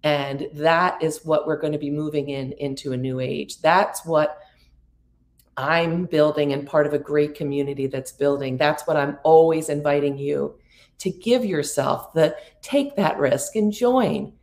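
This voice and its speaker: A woman's voice: low voice, a little slow, a little mellow. A middle-aged woman giving a spiritual prosperity coaching talk about astrology, speaking in an earnest, soothing way with playful asides.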